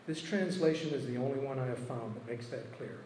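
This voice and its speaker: A man's voice: mid-range voice, fairly quick, darkish tone. A man preaching a sermon, reading scripture aloud in an earnest, emphatic way. His voice rings out in a roomy hall with a long reverb tail. There is a faint hum of ambience behind him.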